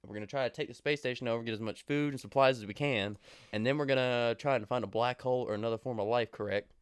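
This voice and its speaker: A man's voice: mid-range voice, fast, clear, resonant tone, no echo, studio quality. A man co-hosting a casual podcast chat, joking around and asking playful questions. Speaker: podcast co-host.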